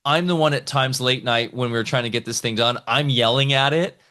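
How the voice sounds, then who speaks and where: A man speaking as a guest on a casual podcast, an entrepreneur talking excitedly in rambling bursts with many restarts. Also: medium pitch, a little fast.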